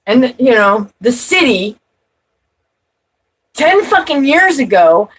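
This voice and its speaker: Husky-voiced woman ranting profanely. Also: high voice, animated, a little slow, rough recording. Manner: profane, rambling, restarts, loud outbursts and trailing off. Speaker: vlogger. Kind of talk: rambling personal talk to camera.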